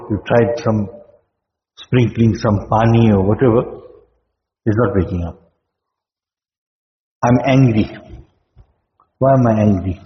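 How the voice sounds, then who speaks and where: A man delivers a sermon in a measured, deliberate way, repeating his points and prompting his listeners with a questioning "hmm?". His voice carries long reverb from a large hall. The recording sounds dull and lo-fi. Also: mid-range voice, a little hiss or hum. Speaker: religious teacher.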